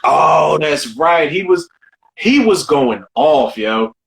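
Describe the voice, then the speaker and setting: Male podcast co-host, slightly high voice, animated and profane, repeats himself, casual movie talk. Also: slow, vocal fry. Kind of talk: casual film chat.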